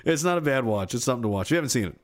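A man's voice: mid-range voice, animated, rapid-fire. Profane ranting man. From Atlantic Canada. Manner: profane, ranting, swings from shouting to muttering. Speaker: livestream host reading chat. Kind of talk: angry ranting livestream talk.

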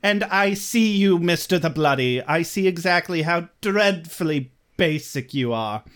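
Brief: snooty upper-class woman, scornful, put on by a man, lively high swoops. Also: unhurried, clean tone. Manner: prim, scornful.

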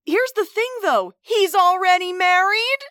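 A woman co-hosting a podcast, recapping a film in an animated way, laughing and mimicking characters. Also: extremely high pitch, measured pace, a little hiss or hum. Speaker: podcast co-host. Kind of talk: casual film-recap chat.

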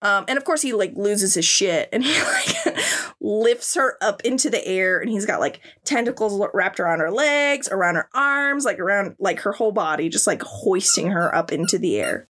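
A woman's voice: medium pitch, big pitch swings, moderate pace, fairly bright tone. A young woman hosting a podcast, giving a crude, sarcastic and giggly recap of a cartoon. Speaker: podcast host. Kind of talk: casual comedic recap.

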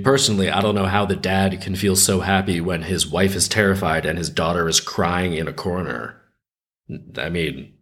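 A man hosting a storytelling podcast, reading a dark fairy tale with wry, incredulous asides. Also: low voice.

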